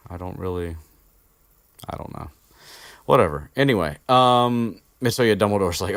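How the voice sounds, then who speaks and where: A man's voice: sits low, moderate pace, creaky, a bit bright, no room sound. A man chatting casually as a podcast host recapping a book chapter, rambling with many fillers and restarts, swearing now and then. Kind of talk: casual unscripted chat. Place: indoor room with an air conditioner.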